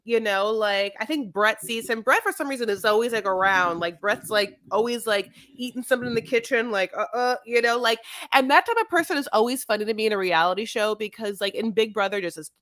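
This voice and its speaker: A woman's voice: fairly high pitch, fairly quick, few pauses, a bit bright, dry recording. A woman co-hosting a casual podcast, recapping in a rambling way with many fillers. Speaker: podcast co-host. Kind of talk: casual chat.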